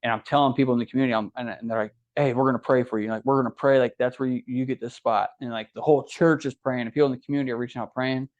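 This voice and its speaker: Rapid-fire, with few pauses and a medium-pitched voice, a young adult Ohio man guesting on a podcast tells his story casually. He gets animated acting out others' words. The sound is dull and lo-fi.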